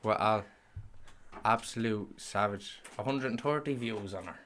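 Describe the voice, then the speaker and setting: A man co-hosting a casual podcast, delivering jokes in a slow, mock-serious manner. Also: fairly low pitch, fairly bright tone, a little hiss or hum. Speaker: podcast co-host. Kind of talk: casual banter.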